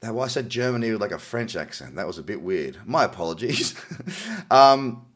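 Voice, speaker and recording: Chatty Australian man, lively pitch. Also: moderate pace. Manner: cynical, chatty, reads articles aloud with asides. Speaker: crypto news host. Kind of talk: casual news commentary.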